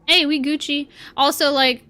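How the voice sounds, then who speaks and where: A woman's voice: sits high, moderate pace, bright, forceful tone. A woman from Canada, streaming a game and chatting casually, rambling and answering her chat aloud. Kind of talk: casual livestream chat while gaming.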